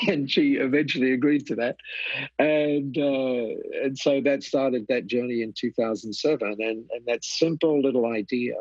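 A man with a husky, breathy voice tells a story as an interview guest. He brings it alive by acting out the people he quotes and laughs often. The sound is dry and dull, like a lo-fi recording. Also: mid-range voice, fairly even intonation, measured pace, dry recording. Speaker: guest, mentor and author. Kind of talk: storytelling in a conversation.

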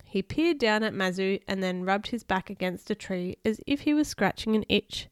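A woman's voice: medium pitch, expressive, normal speed, smooth, no echo. A woman hosting a podcast who reads a children's book aloud and chats playfully with a child. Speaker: podcast host reading children's books. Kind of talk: reading a picture book aloud.

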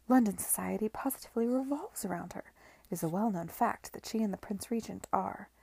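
A prim, knowing lady who savours society gossip, voiced by a woman reading a story. The voice is mellow and gravelly, dry and close. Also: mid-range voice, a little fast, no room sound.

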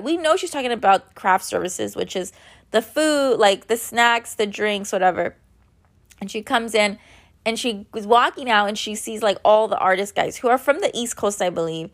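A woman's voice: medium pitch, lively intonation, moderate pace. A woman in her thirties telling a story in a casual, rambling way, with lots of filler words and blunt swearing, sounding tired. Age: 30s. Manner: chatty, rambling, many "like" fillers.

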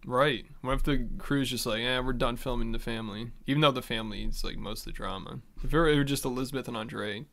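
A man with a gravelly, creaky voice talks in a relaxed, joking way as a podcast co-host. His delivery is loose and offhand, with casual swearing mixed into easy banter. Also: mid-range voice, fast talker, few pauses. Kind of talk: casual recap chat.

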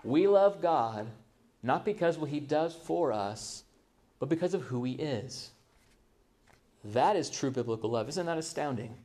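Male pastor, middle-aged, a sermon with a slightly high voice, chatty, asks the room questions, mimics excuses. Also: expressive, a little slow, a little mellow, slight background noise. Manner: conversational, asks the audience rhetorical questions; acts out quoted excuses in a mocking voice.

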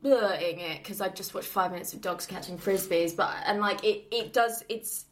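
A woman chatting casually about a film, animated and swearing freely as she acts out scenes. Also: medium pitch, normal speed. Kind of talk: casual film review chat.

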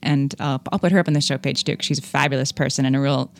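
A woman's voice: rumbling low, steady tone, very fast, a little hiss or hum. A woman hosting a podcast, talking casually, correcting herself often and laughing easily. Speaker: podcast host. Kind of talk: casual conversation.

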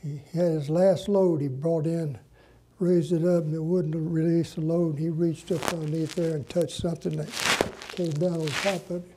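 An older man, a pastor telling stories in a sermon in a folksy, drawn-out way. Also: fairly high pitch, level tone, dark tone, a little hiss or hum. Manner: folksy, drawn-out preaching with dramatic pauses. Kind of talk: sermon storytelling.

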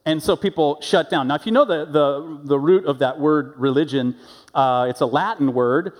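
Animated pastor in a reverberant church. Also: male voice, fairly high pitch, moderate pace. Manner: conversational storytelling with animated quoted voices. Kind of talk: sermon. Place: church sanctuary.

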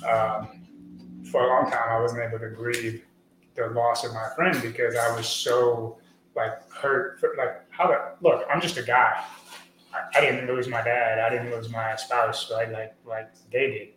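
A man talking as a podcast guest, earnest and rambling, with many fillers, getting lively when he tells stories. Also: medium pitch, a little slow. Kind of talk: conversational interview. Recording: echoey room with faint noise.

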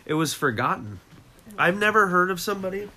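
Laid-back man with a lively voice. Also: high-pitched, fairly quick, a little hiss or hum. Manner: laid-back, swears casually, says "dude". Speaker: podcast host. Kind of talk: casual chat. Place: bedroom, lying in bed.

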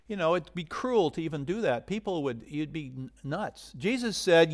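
Male pastor, sermon, conversational, swinging from forceful emphasis to hushed asides, slightly high voice. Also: animated, moderate pace, hardly any pauses. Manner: conversational, swings from loud emphasis to near-whisper.

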